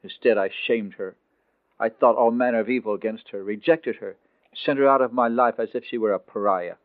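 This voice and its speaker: A man's voice: medium pitch, fairly quick, dry recording, lightly acted. A man playing a remorseful young carpenter, speaking in an anguished, pleading way. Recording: tinny phone-like dry recording.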